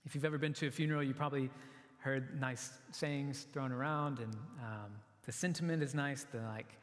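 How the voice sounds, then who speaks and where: A man's voice: on the high side, moderate pace. A man giving a sermon as a pastor, earnest and conversational, often restarting his phrases. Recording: long reverb of a large hall.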